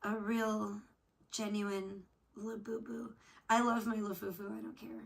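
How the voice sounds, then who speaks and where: A woman's voice: mid-range voice, little pitch movement, measured pace, vocal fry. Woman, livestream host, casual rambling chat, swears a lot, off camera. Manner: rambling, swears casually, trailing "I don't know". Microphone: off camera, not seen.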